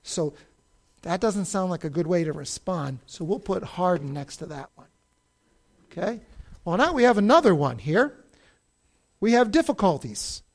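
Highly animated Bible storyteller. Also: moderate pace, pauses often. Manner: expressive storyteller with big swings between loud and hushed. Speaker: Bible teacher.

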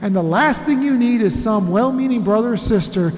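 High-voiced preacher in an echoing hall. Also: male voice, lively intonation, darkish tone. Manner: emphatic, with repeated phrases and drawn-out pauses. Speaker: pastor. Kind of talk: sermon. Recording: echoey hall with long reverb.

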